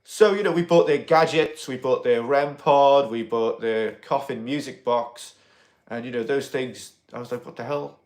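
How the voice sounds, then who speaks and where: A man's voice: medium pitch, normal speed, darkish tone. A man hosting a casual livestream, rambling with many fillers and greeting viewers by name. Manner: rambling, full of "you know" fillers. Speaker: livestream host.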